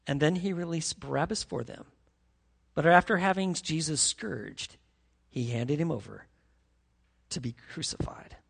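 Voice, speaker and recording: A man preaching a sermon as pastor, emphatic and animated, reading scripture dramatically. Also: on the high side, normal speed, creaky, husky, in a large hall.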